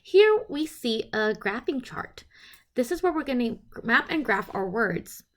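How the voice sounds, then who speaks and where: Woman teacher, instructional presentation; higher voice, unhurried, sounds out each letter deliberately. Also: big pitch swings, fairly bright tone. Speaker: teacher presenting a literacy lesson.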